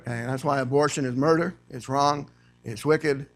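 A man preaching a sermon to a church congregation. He reads scripture aloud and rises to loud, emphatic preaching. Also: medium pitch, steady tone, normal speed. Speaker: guest preacher.

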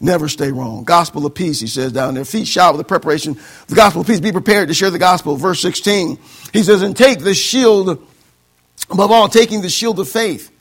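Male pastor, high gravelly voice, preaching with call-and-response. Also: fairly quick. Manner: call-and-response preaching, quoting scripture, mocking excuses in voices. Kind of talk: sermon.

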